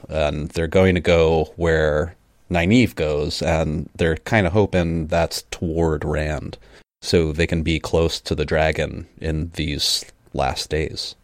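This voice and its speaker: Deep-voiced man chatting about a book. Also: no room sound, clean studio sound. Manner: laughs often, reads passages aloud. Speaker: podcast co-host. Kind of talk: casual book discussion.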